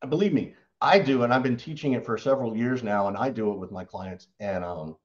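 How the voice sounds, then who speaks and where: A man who works as a sales coach, answering interview questions and acting out what clients say in lively stories. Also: mid-range voice, a little fast, highs cut off. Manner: animated storytelling, acts out client quotes.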